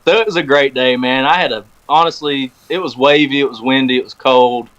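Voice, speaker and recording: A man appearing as a podcast guest speaks in a medium-pitched voice, fairly quickly, as he casually tells a long story in the recording room. Animated throughout, he acts out each quoted phone call, and the audio comes across as dull.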